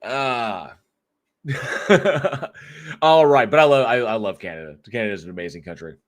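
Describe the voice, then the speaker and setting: A man's voice: medium pitch, lively intonation, normal speed. Chatty man hosting a live stage. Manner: chatty, jokey, rambling. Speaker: host. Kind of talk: casual live chat.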